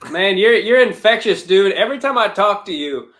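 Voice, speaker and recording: A man's voice: high voice, expressive, brisk, a bit bright. A man who works as a comedian and podcast host, talking in casual chat, rambling with many restarts and laughing at himself.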